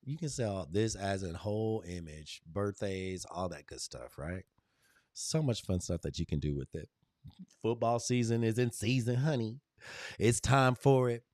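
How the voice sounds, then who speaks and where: A man hosts a live stream, calling out viewers by name and slipping into motivational pep talks. His delivery is animated and encouraging, with big swings in pitch and loudness. The sound is dry and close, with no room echo. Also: measured pace. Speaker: livestream host. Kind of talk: lively livestream chat with viewers.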